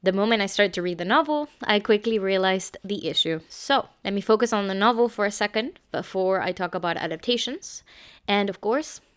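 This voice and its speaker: A young woman reading a scripted book review in a measured way. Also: mid-range voice, clear, resonant tone.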